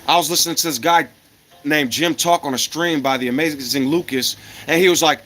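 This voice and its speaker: An American man delivers an angry, profane monologue to his viewers, blunt and combative, firing off repeated rhetorical questions and coughing now and then. His voice is a little high, fairly quick, and fairly bright.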